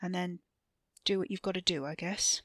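A woman reads out a sneering young man with a bitter edge, his slow, cutting words pressed out in a bright, forceful voice. The recording is close and dry, with no room sound around him. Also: lowish voice, fairly even intonation, no room sound. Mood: sullen.

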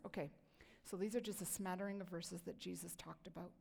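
Animated middle-aged woman preaching in a hall. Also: lowish voice, brisk, creaky, hardly any pauses, husky. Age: 40s. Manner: chatty and animated, reading scripture aloud. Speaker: pastor. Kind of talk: sermon.

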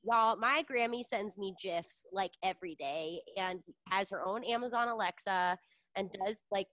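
A woman's voice: medium pitch, moderate pace, sharp tone, no echo. A woman co-hosting a podcast in casual chat, gushing and swearing freely. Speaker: podcast co-host.

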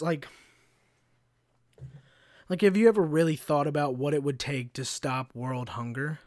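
A man's voice: fairly high pitch, darkish tone, dry recording, clean studio sound. A man hosting his own podcast, ranting in a casual, sarcastic and heavily profane way. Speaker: podcast host. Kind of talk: casual solo rant.

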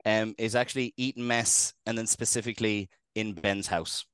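A man's voice: on the low side, steady tone, moderate pace, hardly any pauses, fairly bright tone, smooth, dry recording. A young Irish man from Cork with a Cork accent, co-hosting a casual podcast in a giggly, self-conscious way. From Cork, Ireland. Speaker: podcast co-host. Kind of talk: casual chat.

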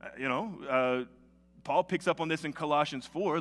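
A male pastor with a Southern American accent preaching a sermon in a conversational way, with quick asides to the congregation. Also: fairly high pitch, a bit bright, faint music behind. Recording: long hall reverb.

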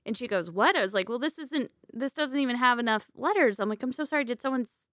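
A woman's voice: fairly high pitch, animated, fast, a bit bright, no echo, studio quality. A woman telling a story in casual chat, laughing often and acting out the voices of people in it.

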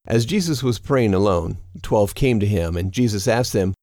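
A man narrating a scripture reading in a steady, measured manner. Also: lowish voice, no echo, studio quality.

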